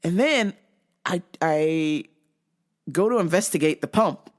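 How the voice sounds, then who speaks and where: A young woman vlogger with a lowish voice takes her time telling a comic story, swearing freely. She's animated throughout and keeps breaking into shrieking laughter in this comedic storytelling rant.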